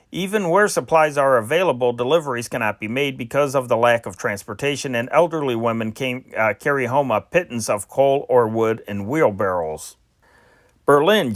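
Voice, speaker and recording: A man reading old newspaper war stories aloud in a slow, deliberate way, stumbling and restarting now and then. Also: mid-range voice, expressive, dry recording, studio quality. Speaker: newspaper reader.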